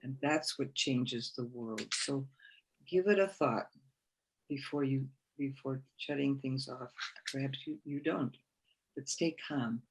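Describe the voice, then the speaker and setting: Gravelly-voiced woman giving a gentle spiritual talk. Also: rumbling low, measured pace, poor audio. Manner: gentle, encouraging, repeats phrases for emphasis. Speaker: conference speaker.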